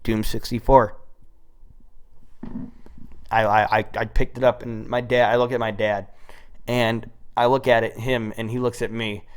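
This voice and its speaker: A young American man in his twenties telling a long personal story on his own. His delivery is rambling, animated and full of swearing, at an ordinary, mid-range pitch. It is recorded on an old microphone. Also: a little slow, long pauses, clean tone. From United States. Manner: rambling, profane, animated retelling. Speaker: solo storyteller. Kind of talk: casual storytelling monologue.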